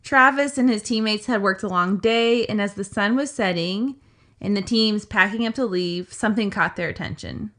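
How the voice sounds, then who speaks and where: Female podcast co-host, casual storyteller, bright tone, filler-heavy delivery. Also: mid-range voice, moderate pace. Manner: chatty, filler-heavy retelling with acted quotes.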